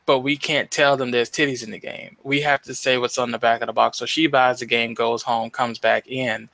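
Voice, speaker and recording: On a casual podcast, a young male co-host talks at a moderate pace in a creaky, mid-range voice with no echo. He relates his stories with lots of energy and profanity, acting out each quoted voice.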